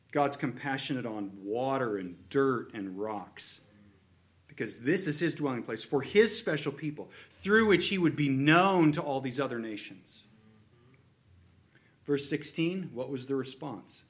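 A man's voice: mid-range voice, animated, unhurried. A man preaching a sermon, earnest and repetitive, building emphasis on key points. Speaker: pastor.

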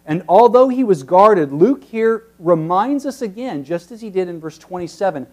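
A man with a fairly high voice delivering an expository sermon. He explains the text like a teacher. His volume swings from forceful, emphatic peaks down to hushed, almost whispered stretches. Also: expressive, moderate pace. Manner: teacherly, rising to emphatic peaks then dropping very soft. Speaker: preacher.

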